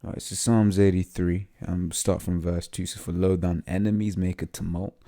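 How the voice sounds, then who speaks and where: A man with a very low, gravelly voice teaches scripture in a loose, unscripted way. His tone is dark and mellow, and he often stalls on fillers and restarts as he reads passages aloud. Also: flat delivery. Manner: halting, full of fillers and restarts. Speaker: religious teacher.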